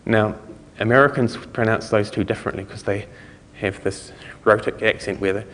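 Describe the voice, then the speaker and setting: A man's voice: lowish voice, fairly even intonation, normal speed, fairly bright tone, a little hiss or hum. A man with a New Zealand accent giving a loose, self-correcting conference talk, chuckling now and then. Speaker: conference speaker. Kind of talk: technical talk on speech recognition. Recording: long hall reverb.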